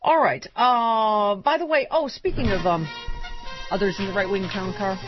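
A woman hosting a political talk radio show, bantering fast with lots of restarts and laughs. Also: medium pitch, dull audio, over music. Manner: quick, laughing, restarts a lot.

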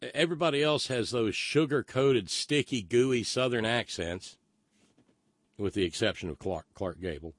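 With a medium-pitched voice at normal speed, a man hosts a live stream, reading chat messages and reacting in a rambling, opinionated, casual monologue full of stammering restarts. The studio-quality recording has no room sound.

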